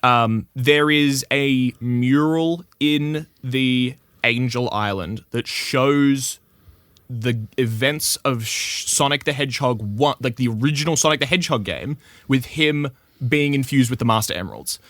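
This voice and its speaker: A man's voice: medium pitch, unhurried, a bit bright, dry recording, clean studio sound. Man reading lore with crude asides. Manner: crude, swears freely, reads script with asides. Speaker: podcast host presenting lore. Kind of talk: casual podcast chat reading a script.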